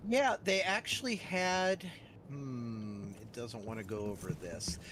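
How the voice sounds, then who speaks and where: Casting: slow, rambling male co-player, mid pitch, faint clicks behind. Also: fairly bright tone, slight background noise. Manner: unhurried, rambling, filler-heavy explanation. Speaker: co-player offering tips. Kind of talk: casual chat.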